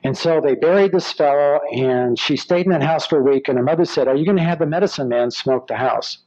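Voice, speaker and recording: In a slightly dull, lo-fi recording, a man with a higher-pitched voice preaches at a brisk pace. He tells stories animatedly, acting out the voices of the people in them.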